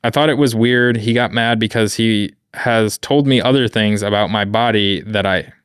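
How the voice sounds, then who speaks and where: Smooth-voiced man reading aloud, dry close mic. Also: lowish voice, a little slow, no room sound. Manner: laid-back, profane, wry asides. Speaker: podcast co-host reading stories. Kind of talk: casual chat and reading aloud.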